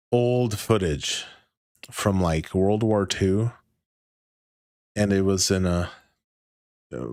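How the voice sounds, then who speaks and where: A man's voice: fairly low pitch, no room sound, studio quality. A man in his thirties hosting a casual livestream chat, rambling and swearing often as he reads and answers chat. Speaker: livestream host.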